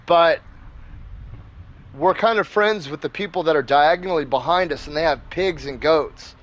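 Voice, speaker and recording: A man's voice: a little high, normal speed, fairly bright tone. Rambling, cussing man telling a story. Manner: rambling and profane, with many fillers. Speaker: gaming channel host. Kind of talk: casual storytelling.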